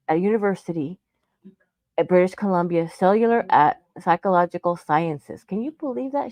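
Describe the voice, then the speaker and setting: A woman's voice: medium pitch, no room sound. A woman co-hosting a podcast, delivering an indignant, emphatic rant and swearing freely. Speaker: podcast co-host. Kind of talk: angry on-air rant.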